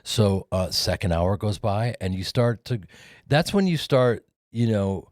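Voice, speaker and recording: A man in his fifties, a guest actor and comedian, telling animated showbiz stories in a radio studio on a studio mic. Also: on the low side, unhurried, no room sound. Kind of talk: animated storytelling. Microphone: studio microphone.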